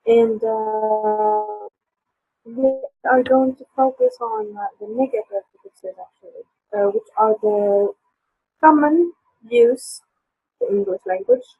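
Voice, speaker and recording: A woman's voice: fairly high pitch, lively intonation, slow pace, creaky, breathy edge, no room sound, faint music behind. A woman teaching an online English lesson, hesitant with many fillers, her voice sore. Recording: tinny phone-like line.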